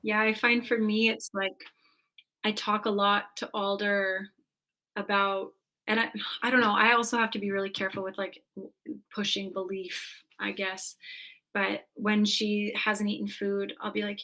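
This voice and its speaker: A woman telling stories as a guest in a casual conversation, animated and full of "like" fillers. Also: mid-range voice, moderate pace.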